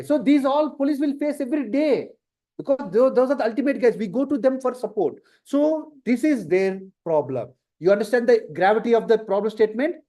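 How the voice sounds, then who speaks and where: A man teaching data science to a class, asking lively rhetorical questions. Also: high voice. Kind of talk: classroom lecture.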